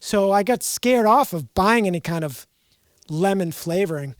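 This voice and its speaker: A woman's voice: mid-range voice, animated, normal speed, no echo, studio quality. A woman with a Boston accent chatting casually, a rambling storyteller who loves puns. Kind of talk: casual chat.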